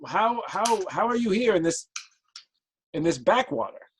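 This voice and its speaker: A man voicing a big male guard who speaks loudly in a tabletop game. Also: fairly high pitch, very animated, moderate pace, a little hiss or hum, voice pushed up. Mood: surprised, welcoming. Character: big gruff male Corkine word keeper.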